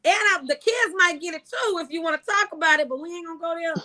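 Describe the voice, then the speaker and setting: Brash, high, bright-voiced woman. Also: fast talker. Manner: brash, profane, animated storytelling. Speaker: podcast host. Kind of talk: casual chat.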